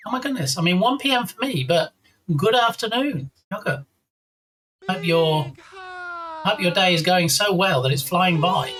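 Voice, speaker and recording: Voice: medium pitch, expressive, unhurried, pauses often, a bit bright, slight background noise. A live-stream host chatting casually and playfully, reading out viewer names and thanking them one by one. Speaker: livestream host.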